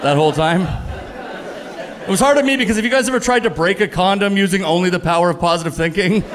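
A man in his thirties performing a stand-up comedy set on a club stage, with a punchy, animated delivery that jumps up on the punchlines. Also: high-pitched, fast, crowd noise. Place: comedy club stage before a laughing audience.

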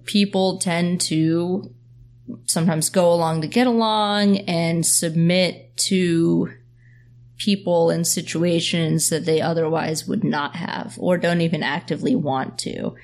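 A woman hosting a podcast, talking earnestly in quick bursts with lots of "like" and "you know" fillers. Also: fairly low pitch, fairly even intonation, darkish tone. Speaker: podcast host. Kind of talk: casual podcast discussion.

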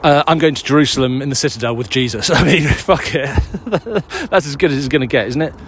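Here a man with a medium-pitched, fairly bright voice talks fairly quickly as he walks his dog through the woods, breathless. He rambles, curses, and mocks himself while responding to listener questions, with slight background noise present.

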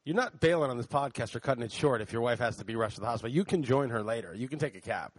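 A man's voice: mid-range voice, rapid-fire, slightly rough, dry recording. Man telling a story on a podcast. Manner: animated storyteller, swears casually. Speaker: podcast co-host. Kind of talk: casual chat.

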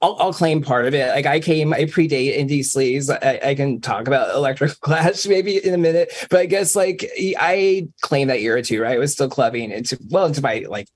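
A man's voice: medium pitch, expressive, brisk, few pauses, breathy edge. A man in his forties, a guest DJ on a podcast, talking in a rambling, hedging way with wry jokes. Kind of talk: casual podcast chat.

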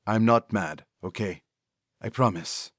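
A man reading a story aloud, voicing a grieving young woman who speaks quietly and subdued, close to a whisper. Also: on the low side, takes it slowly, dry recording. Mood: numb, tearful.

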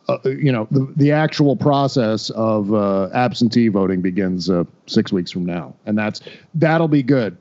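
A man's voice: medium pitch, a little mellow, highs cut off. A man talking as a podcast guest in casual political chat, wry and rambling, often restarting and laughing.

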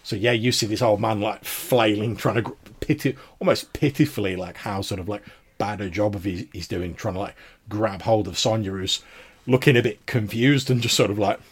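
A man's voice: on the low side, steady tone, normal speed, slightly rough. A man narrating as game master of a tabletop role-playing game, rambling with lots of fillers.

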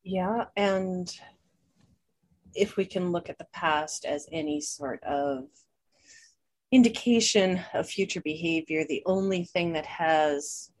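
A woman co-hosting a political podcast, speaking in a measured, deliberate way. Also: lowish voice, a little mellow. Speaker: podcast co-host. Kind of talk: political discussion.

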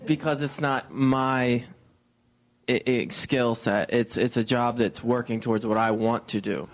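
A man in his twenties, answering an interviewer's questions hesitantly and haltingly. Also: medium pitch, steady tone. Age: 20s. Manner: hesitant, halting, with fillers and restarts. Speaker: interview guest.

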